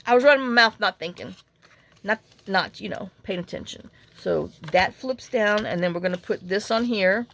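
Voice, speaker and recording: A woman's voice: medium pitch, normal speed, gravelly, fairly bright tone, slight background noise. A woman hosting a casual crafting tutorial, chatty and rambling as she talks viewers through her work. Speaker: crafting channel host.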